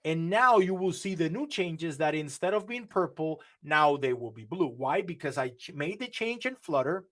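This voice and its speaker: A man's voice: a little high, expressive, normal speed, fairly bright tone. Man talking through a coding demo. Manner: explanatory, repeats and restarts phrases. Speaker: workshop instructor. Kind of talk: live coding workshop.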